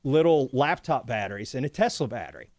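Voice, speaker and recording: A man's voice: medium pitch, expressive, a little fast, a little mellow, no room sound, studio quality. A man, a congressman and guest, chatting casually and telling stories with frequent laughter. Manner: chatty storyteller, laughs often. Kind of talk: casual chat.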